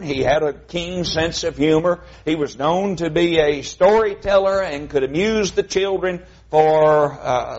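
A man's voice: a little high, a little mellow, lo-fi sound. A man preaching a sermon in a folksy, conversational way, with frequent fillers.

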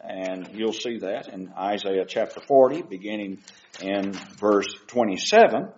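An older man delivers a sermon in a relaxed, conversational way, often putting questions to the congregation. His voice sits at an ordinary middle pitch. The recording sounds a little dull and lo-fi. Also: normal speed. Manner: conversational, asks the congregation questions, with frequent uh fillers. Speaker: preacher.

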